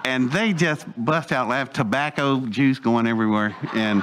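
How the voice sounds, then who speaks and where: A man's voice: mid-range voice, moderate pace, hardly any pauses, background noise. An older man telling a rambling, folksy story to an audience, acting out the voices of people he quotes. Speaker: speaker telling his life story.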